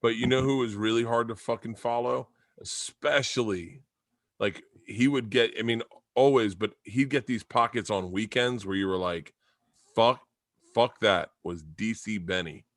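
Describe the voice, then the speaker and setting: A comedian recalling past gigs in a loose, profane podcast chat. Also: male voice, on the low side, a little slow, no echo, clean studio sound.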